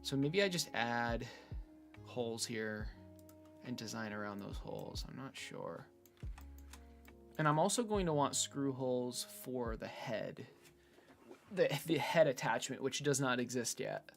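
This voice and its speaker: A man thinking out loud in a casual screen-recorded build log, hesitant with many fillers and restarts, from his room at home. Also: mid-range voice, lively intonation, measured pace, long pauses, soft background music. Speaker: hobbyist robot builder. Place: bedroom at home.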